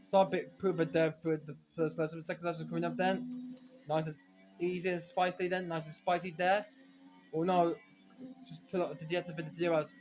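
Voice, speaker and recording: A man giving rambling, self-correcting commentary while playing a racing game, now and then breaking into frustrated shouts. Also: fairly high pitch, level tone, normal speed, soft background music. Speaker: gaming commentator. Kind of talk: casual let's-play commentary.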